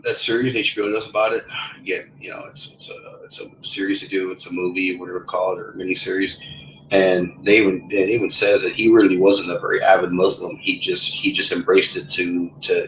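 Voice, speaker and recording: A man with a very low voice talks loosely in a voice chat, stumbling through restarts and "uh"s as he goes. A faint hiss of noise sits under his speech. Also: level tone, a bit bright, poor audio. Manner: rambling, halting with many fillers and restarts. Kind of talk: casual voice chat.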